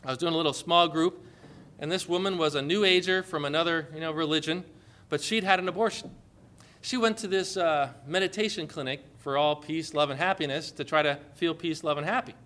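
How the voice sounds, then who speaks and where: A man preaching a sermon with passion, building to emphatic, forceful proclamations. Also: on the high side, a little fast.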